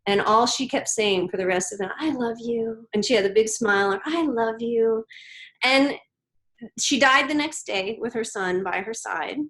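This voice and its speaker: A woman in her thirties, a podcast guest, speaks earnestly and gently, pausing and restarting as she tells a personal story. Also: mid-range voice, rough recording. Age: 30s. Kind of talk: reflective interview storytelling.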